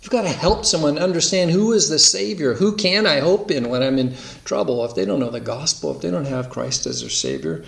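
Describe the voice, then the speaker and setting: A man preaching a sermon, emphatic, slowing to stretch key words and asking rhetorical questions. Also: fairly high pitch, expressive, vocal fry, fairly bright tone, echoey room, recorded from a distance. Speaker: pastor.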